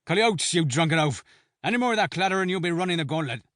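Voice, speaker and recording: A nervous, furious army captain, as a male narrator puts him on, shouting and snarling orders in a high, strained voice well above the narrator's own. The timbre is pushed away from his usual read, and the recording is dry. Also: lively intonation, fast, no room sound.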